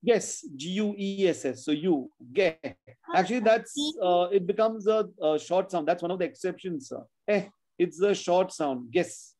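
A man's voice: high-pitched, lively intonation, normal speed, darkish tone, low-quality recording. Patient man spelling words out for kids. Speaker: teacher. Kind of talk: online spelling lesson for children.

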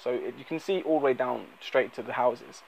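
A man's voice: medium pitch, brisk, gravelly, rough recording. A man giving an unscripted, rambling movie review, full of fillers and restarts.

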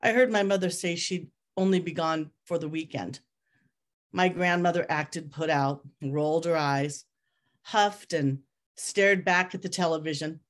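A woman author reading her own memoir aloud in a measured, reflective, steady way. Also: sits low.

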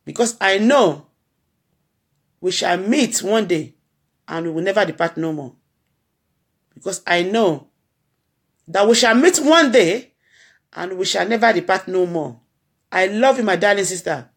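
A grieving blogger with a Nigerian accent offers her followers an earnest spoken tribute, repeating phrases with a preacher-like cadence. Her husky, medium-pitched voice is lively in intonation, unhurried, and broken by frequent pauses.

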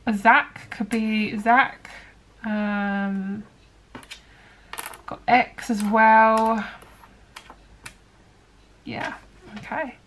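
A woman's voice: a little high, steady tone, very slow, long pauses, a bit bright, a little hiss or hum. A young woman chatting casually through a tarot reading, rambling with lots of fillers. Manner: chatty, rambling, many likes and ums. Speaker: tarot card reader.

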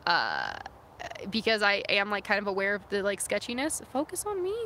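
This young woman vlogger chats casually with her livestream viewers, reading their comments aloud and answering with plenty of "like" and "um." She's outdoors in the wilderness by her van, speaking at a moderate pace in a sing-song, pushed, bright mid-range voice. Her phone camera records slight background noise.

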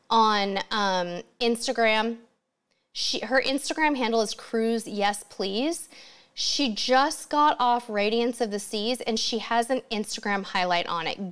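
Chatty woman hosting a livestream. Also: on the high side. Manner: chatty, enthusiastic, reads out viewer comments. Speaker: livestream host answering viewer questions. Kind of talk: casual live-stream Q&A.

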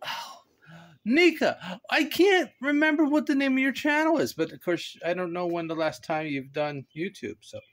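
A man's voice: sits high, moderate pace, fairly bright tone. A man chatting in a goofy, playful way on a casual home video, rambling and laughing often, recorded on a phone on a stand. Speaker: vlogger.

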